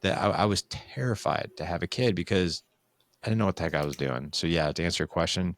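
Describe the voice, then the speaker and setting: A man in his forties, a podcast guest, telling personal stories in a candid, animated way and acting out what he once said. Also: low-pitched, brisk. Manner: animated, acts out his own past quotes. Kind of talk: candid conversational storytelling.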